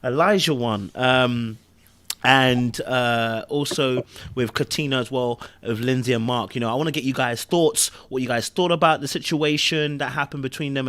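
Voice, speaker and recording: A man's voice: medium pitch, a bit bright. A man hosting a podcast panel, chatting casually with laid-back slang and plenty of fillers. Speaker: podcast host. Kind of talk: casual chat.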